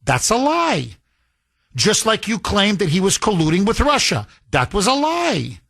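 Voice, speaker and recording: A talk radio host, a man, rants with scorn and hammering repetition. His voice sits a bit high and swings widely in pitch. The studio sound is dry and close. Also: sing-song, moderate pace, a bit bright, no room sound. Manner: heated, scornful, emphatic repetition. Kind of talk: combative talk radio monologue.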